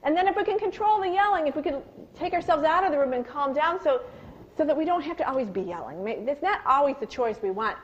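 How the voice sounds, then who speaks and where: A woman giving a live workshop talk on parenting, telling animated personal stories and asking her audience questions. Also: lo-fi sound. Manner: acts out yelled lines in a high, loud voice. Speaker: parenting and communication speaker.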